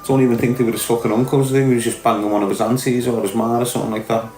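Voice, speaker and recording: Rapid-fire and flat, yet warm in tone, a medium-pitched voice comes from a middle-aged podcast host with a Liverpool accent. He's giving a blunt, sweary, lecturing monologue to camera, unscripted, with roomy echo and faint music behind him.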